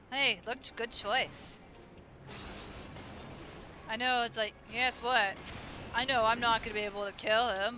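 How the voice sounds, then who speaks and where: A woman's voice: fairly high pitch, fairly even intonation, a little slow, long pauses, background noise. A woman giving chatty, joking let's-play commentary while streaming a game, talking to her viewers.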